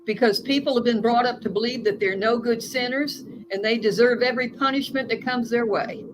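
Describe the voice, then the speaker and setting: A woman's voice: a little high, fairly quick. A woman life coach, a guest in an interview, telling stories in an earnest, emphatic way. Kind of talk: conversational interview. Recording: noisy recording.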